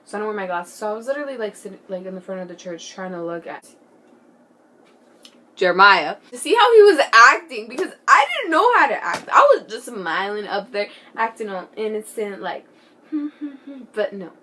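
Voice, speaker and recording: A teenage girl telling a story in a casual vlog, excitable and giggly, full of "like" and "bro", sometimes dropping to a hushed whisper. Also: mid-range voice, normal speed, slight background noise. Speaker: vlogger.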